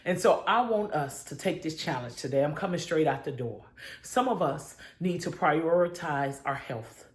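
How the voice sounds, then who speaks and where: A woman's voice: low-pitched, lively intonation, moderate pace. Woman minister, spirited morning devotion, calls and responses with the flock, roomy echo. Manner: exuberant, call-and-response with listeners.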